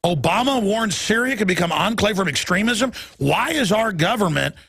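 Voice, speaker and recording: A man hosting a talk radio show, talking urgently and quickly with stumbling restarts. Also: high-pitched, animated, gravelly, a bit bright, husky, dry recording.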